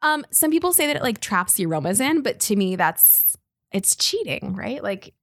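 A woman's voice: mid-range voice, big pitch swings, normal speed, no echo. A woman sommelier guest casually explaining wine tasting, chatty with lots of fillers. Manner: chatty and laughing, full of fillers.

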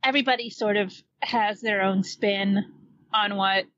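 A woman's voice: mid-range voice, fairly even intonation, measured pace, fairly bright tone, no room sound, lo-fi sound. A woman chatting as a podcast guest, chatty and giggly. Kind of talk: casual podcast chat.

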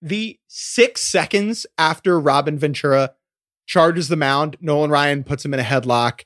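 A man's voice: a little high, measured pace, a bit bright, no echo, clean studio sound. A man co-hosting a sports podcast in a wry, conversational way. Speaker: podcast co-host. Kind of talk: casual sports podcast chat.

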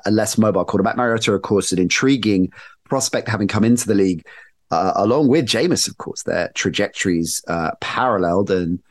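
A man hosting a casual sports podcast, interjecting with playful, teasing banter. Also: on the low side. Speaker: podcast host.

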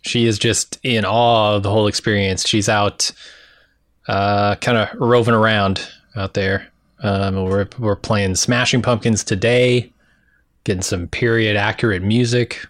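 A man with a lowish voice recaps a show in relaxed, easygoing chat. The sound is dry and close, with no room around it. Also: unhurried, dry recording. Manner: relaxed, recaps scenes from notes. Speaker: podcast co-host.

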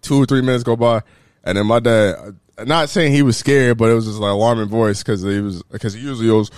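A man's voice: on the high side, a little fast, no room sound. A young man telling a story in casual chat with friends, profane and laughing as he acts out the people in it. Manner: animated, profane, laughing while acting out quotes.

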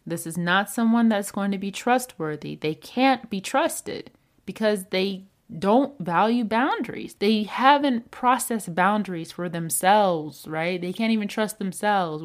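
Animated woman giving advice. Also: mid-range voice, a little slow. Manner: animated storytelling, acting out quoted lines. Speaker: podcast host. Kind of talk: casual advice talk.

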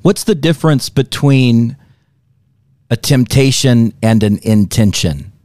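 A man's voice: medium pitch, animated, slow pace, darkish tone, no room sound, studio quality. A man hosting an interview, asking his guest questions and affirming briefly. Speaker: host. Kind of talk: casual interview.

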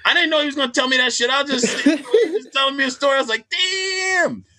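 High, bright-voiced man telling stories. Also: rapid-fire. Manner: animated storyteller, heavy slang and swearing. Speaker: comedian guest. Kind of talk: casual storytelling chat.

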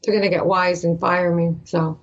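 An older woman from Canada, an actress guest, telling an animated story and acting out the voices of the people in it. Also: lowish voice, normal speed, highs cut off. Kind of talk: animated anecdote in a podcast interview.

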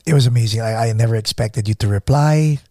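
A man's voice: mid-range voice, fast talker, darkish tone, no echo, clean studio sound. A man hosting a podcast, asking eager, fan-like questions in a casual interview. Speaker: podcast host.

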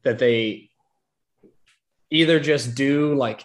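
A man's voice: mid-range voice, normal speed. A young man hosting a casual movie discussion, chatty and rambling as he leads the talk. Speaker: podcast host. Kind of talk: casual chat.

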